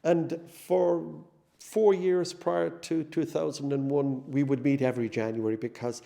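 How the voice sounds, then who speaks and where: Gravelly man telling his story. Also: on the high side, little pitch movement, a little slow, mellow. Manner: conversational, reflective, many fillers. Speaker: singer giving a testimony. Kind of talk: personal testimony, storytelling.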